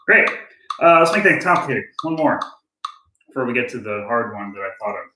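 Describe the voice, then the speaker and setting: A drum teacher with a medium-pitched voice speaks fairly quickly over heavy background noise. His casual lesson is relaxed and self-deprecating, full of thinking aloud and jokes at his own mistakes, recorded roomily in a space with a drum kit, click track, drumming and clicks.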